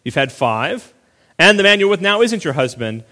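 A man voicing a calm male teacher who brushes off objections and speaks plainly. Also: a little high, moderate pace, big-room sound.

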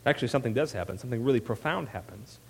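A man preaching a sermon as pastor, telling the story with animated asides and frequent "right?" checks. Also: mid-range voice, a little fast, vocal fry, slightly rough. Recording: long reverb of a hall.

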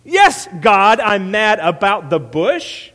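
A man's voice: sits high, very animated, takes it slowly, fairly bright tone, pitched above the performer's own voice, full character voice. A man voicing an angry adult male prophet who complains in a sarcastic, exasperated tone, heard in a reverberant hall.

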